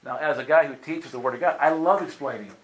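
Talking fast at a fairly high pitch, a man delivers a storytelling sermon to a live audience in a meeting room. He performs the voices of the story's characters, and the recording has a roomy hall sound.

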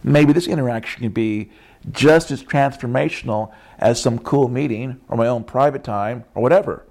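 Gravelly man preaching with stories. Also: medium pitch, normal speed. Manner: animated storytelling, acts out quotes, laughs often. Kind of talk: sermon with personal stories.

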